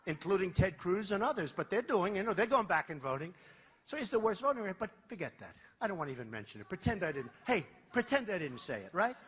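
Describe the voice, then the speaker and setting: A presidential candidate speaking at a campaign rally, telling rambling, boastful stories in a conversational way. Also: male voice, high voice, very animated, quick pace, muffled recording, a little hiss or hum. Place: large rally venue.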